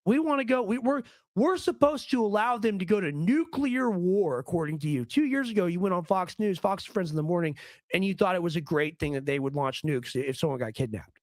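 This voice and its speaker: A man hosting a casual political commentary stream, joking and rambling, his voice a little hoarse. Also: sits high, animated, a little fast, no echo. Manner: joking, rambling, does comic impressions. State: slightly hoarse. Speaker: stream host.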